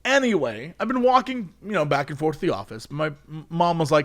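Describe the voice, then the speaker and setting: A man co-hosting a comedy podcast, telling anecdotes in a casual, animated way with lots of laughter. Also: fairly high pitch, brisk. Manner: animated storytelling, acts out quotes, frequent laughter. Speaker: podcast co-host.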